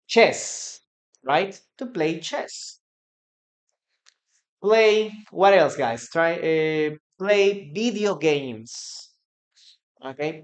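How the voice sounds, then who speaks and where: Peruvian guy teaching english live, spanish is his first language, goes real slow and says every phrase twice. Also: a little high. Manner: repeats phrases slowly for practice, answers viewers' comments. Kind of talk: live online English lesson.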